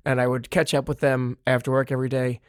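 Male podcast host, hoarse with a cold, rambling self-deprecating chat, medium pitch, dry. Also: level tone, fast talker, no echo.

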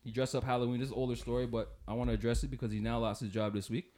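A man from Canada hosting a podcast in casual banter, loud and laughing, swearing freely. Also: mid-range voice, flat delivery, rapid-fire. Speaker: podcast host.

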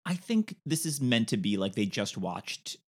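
Animated man riffing on films. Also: fairly low pitch, a little slow. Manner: animated, campy, sarcastic storytelling. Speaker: podcast co-host. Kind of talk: casual film discussion.

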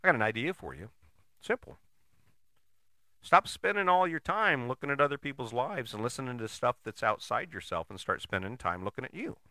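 Man, casual motivational rant, profane and blunt, bright sharp tone, very animated pitch. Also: fairly quick, no echo, clean studio sound. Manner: rhetorical questions, restarts.

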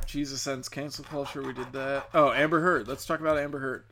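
A young man who has had a few drinks rambles through a crude, profane comic rant. His voice is bright and sharp, and his talk is full of fillers and restarts. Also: mid-range voice, steady tone, normal speed, slight background noise. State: tipsy from drinking. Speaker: comedian and podcast host.

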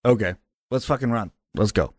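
A man's voice: lowish voice, lively intonation, brisk, darkish tone, no room sound, studio quality. A young man playing a tabletop game, blunt and casually swearing. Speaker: regular player.

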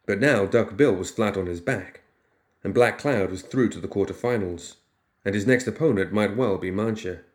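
Man, storybook narration, steady, low voice. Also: normal speed. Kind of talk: audiobook fiction narration.

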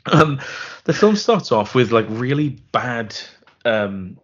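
In a slow, sing-song, mid-range voice, this podcast co-host rambles through a relaxed film conversation and laughs a lot. The audio is dull and lo-fi.

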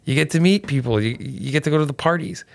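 A man's voice: on the high side, fast talker, vocal fry. A man who is a stand-up comedian, chatting casually in a laid-back way, swearing often and calling people "man" and "dude". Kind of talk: casual podcast chat.

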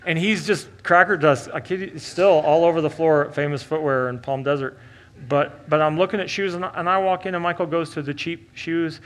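Male pastor, storytelling sermon, fairly high voice. Animated, loud to hushed and earnest. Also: brisk. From Oklahoma.

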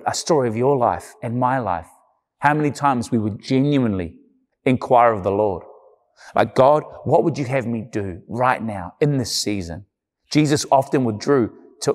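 A man's voice: mid-range voice, a little mellow. A man preaching a sermon in an earnest, conversational way, with emphatic repeated phrases. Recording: long church-hall reverb.

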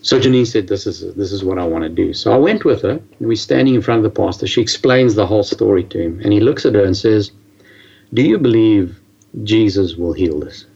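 A man telling a personal story in a casual, animated way, halting often and restarting his sentences. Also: fairly low pitch, gravelly, slightly rough, highs cut off.

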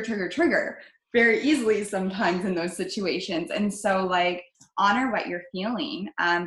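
A woman's voice: fairly low pitch, fairly bright tone, reverberant, poor audio. A woman talking in an upbeat, chatty way, full of "like" fillers. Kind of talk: casual conversation.

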